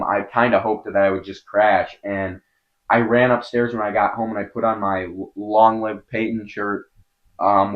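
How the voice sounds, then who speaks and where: A young man from Wisconsin, a podcast guest telling a personal story in an earnest, halting way, full of filler words. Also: fairly low pitch, dull audio. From Wisconsin, USA.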